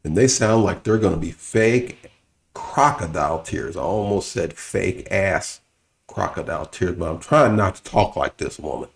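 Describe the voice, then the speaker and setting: A man giving sarcastic, scolding reaction commentary with a gravelly voice. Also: low-pitched, normal speed.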